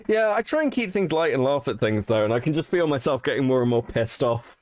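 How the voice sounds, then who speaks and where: A man's voice: mid-range voice, lively intonation, fairly quick, few pauses, a little mellow, no echo. A man hosting a casual commentary stream, swearing and restarting as he gets worked up. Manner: heated, swearing, frequent restarts. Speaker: stream host.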